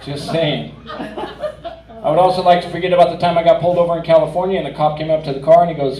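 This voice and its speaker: Higher-voiced man doing stand-up. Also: fairly even intonation, quick pace. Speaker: stand-up comedian. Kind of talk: stand-up routine. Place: comedy club stage. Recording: roomy club audio from a distance, audience laughter.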